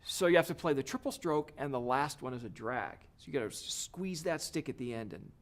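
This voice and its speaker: A man's voice: medium pitch, expressive, a little fast, very noisy. A man teaching a drum lesson, explaining each step in an encouraging way. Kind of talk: video lesson.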